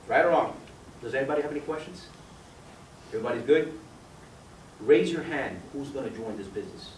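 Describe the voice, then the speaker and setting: A man giving a persuasive sales pitch at a meeting with guests, quizzing listeners by name with numbers and questions. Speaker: business opportunity presenter. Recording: echoey room, mic far off, faint background noise.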